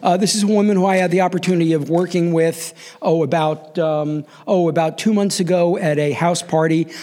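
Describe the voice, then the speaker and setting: Hosting a live storytelling show, a New Yorker in his sixties brings his own tale to life by performing the voices of its characters. He talks briskly, in a fairly high pitch, with an animated manner.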